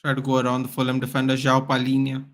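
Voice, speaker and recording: Excitable male football fan commentator. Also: mid-range voice, very fast. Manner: excitable partisan play-by-play, chatting to viewers. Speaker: watchalong host.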